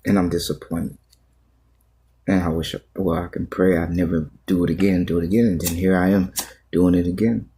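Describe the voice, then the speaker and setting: A man with a very low, husky voice speaks as a pastor to his livestream viewers. His talk is a raw, halting confession that circles back on itself with repeated phrases. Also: steady tone, mellow.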